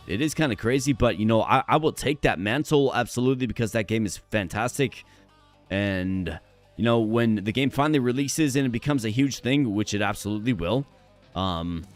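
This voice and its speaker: A man with a hoarse, mid-range voice chats energetically with viewers during a live stream.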